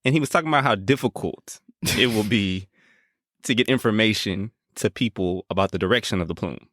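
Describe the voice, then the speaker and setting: A man's voice: on the low side, a little fast, a bit bright, no echo, studio quality. Laid-back, joking man podcaster. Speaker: podcast co-host. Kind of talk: casual podcast chat.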